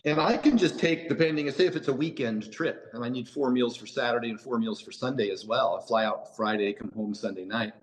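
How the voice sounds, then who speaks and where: A man's voice: medium pitch, brisk, hardly any pauses, rough recording. An American man, a podcast guest, telling stories casually with many "you know" asides and restarts. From United States. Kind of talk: casual storytelling in a podcast interview.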